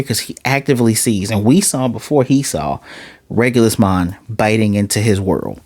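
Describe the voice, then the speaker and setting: A man giving a casual, excitable episode recap and review, jumping into different voices for the characters. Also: lowish voice, moderate pace, dry recording. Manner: excitable, acts out characters' lines in shifting voices. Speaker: anime reviewer.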